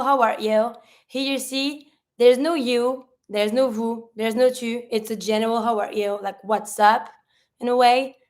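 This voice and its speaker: A woman teaching a French lesson in English, patiently asking the learner questions and saying French phrases as examples. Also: a little high. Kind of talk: online language lesson.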